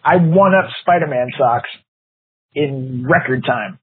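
A man's voice: medium pitch, slow pace, slightly rough, no room sound. A man in his fifties co-hosting a podcast, telling a long story in casual chat with lots of fillers and frequent laughter. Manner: rambling, laughs often, many fillers. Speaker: podcast co-host. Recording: tinny phone-like podcast audio.

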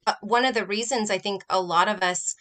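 A woman's voice: mid-range voice, fairly even intonation, brisk, a bit bright. A woman guest and health coach, sharing her personal story in an earnest, reflective way during a faith-based podcast chat.

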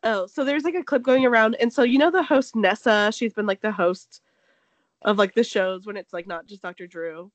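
A woman's voice: medium pitch, moderate pace, no echo, rough recording. A woman co-hosting a casual gossip chat, retelling a story with lots of "like" and acting out the quotes. She says she is sick. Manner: animated storytelling, acts out quotes, heavy "like".

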